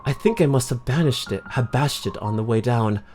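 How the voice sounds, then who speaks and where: Faint music plays behind a man doing a mock-British voice for Alice, a young woman, as he reads game text in character. His mid-range, slightly mellow voice stays close to everyday speech, brisk and animated, as she puzzles aloud to herself.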